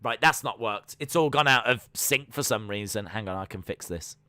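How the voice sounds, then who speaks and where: Guy on a live stream, bright crisp voice, dry close sound, chats to viewers. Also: lowish voice, moderate pace, no echo. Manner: chatty, reads out viewer comments and answers them; excitable bursts, then trails off quietly. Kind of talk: casual live-stream watch-along chat.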